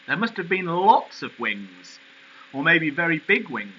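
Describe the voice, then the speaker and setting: A male teacher explaining a poem in a recorded lesson, animated and questioning. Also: on the high side, a little slow, lo-fi sound, slight background noise.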